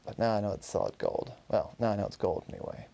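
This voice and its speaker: A man's voice: lowish voice, sing-song, quick pace, gravelly, dark tone. A man voicing a scheming male antique dealer who stole back a statue, speaking plainly and boastfully.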